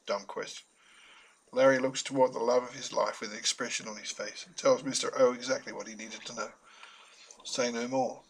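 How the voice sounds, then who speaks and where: A man's voice: mid-range voice, steady tone, fast talker, low-quality recording. A man narrating a self-published story in a chatty, wry manner with humorous asides.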